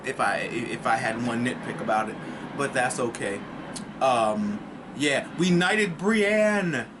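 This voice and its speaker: A man talks through a TV episode review in a loose, conversational vlog style. He rambles, swears freely and throws in jokey asides, and his voice sits at an ordinary middle pitch. A faint hiss runs under his speech. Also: expressive, slow pace. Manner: rambling and profane, with joking asides.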